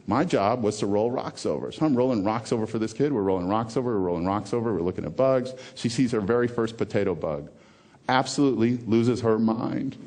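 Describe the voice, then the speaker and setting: Animated male keynote speaker. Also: medium pitch, normal speed. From American South. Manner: emphatic, repeats key phrases, swings between loud and hushed. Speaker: motivational speaker. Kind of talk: TEDx keynote talk.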